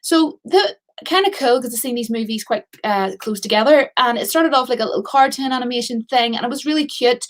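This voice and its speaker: A woman's voice: on the high side, fairly quick. A woman chatting casually on a live stream as a movie reviewer, rambling with fillers and restarts.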